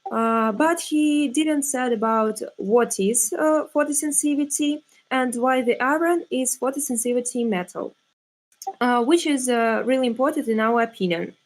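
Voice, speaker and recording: A woman's voice: on the high side, moderate pace. A teenage girl giving a hesitant, formal critique as a tournament opponent over a video call, with many filler sounds. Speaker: opponent in a student science tournament.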